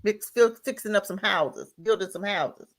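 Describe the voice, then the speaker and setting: A woman's voice: mid-range voice, moderate pace. A mother and guest on a talk radio show, talking bluntly and firing off rhetorical questions in casual chat. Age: adult, mother.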